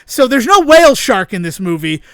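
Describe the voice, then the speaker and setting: A man's voice: extremely high pitch, sing-song, brisk, clear, resonant tone, no echo, studio quality. A man co-hosting a podcast in casual chat, rambling enthusiastically and often laughing as he talks. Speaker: podcast co-host.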